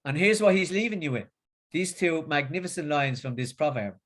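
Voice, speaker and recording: A middle-aged man with a Northern English accent talks about faith in a voice that sits a little high. His speech is halting and full of repeats and fillers, as he shifts from reading a prepared talk to casual chat. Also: expressive, fairly bright tone. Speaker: religious speaker.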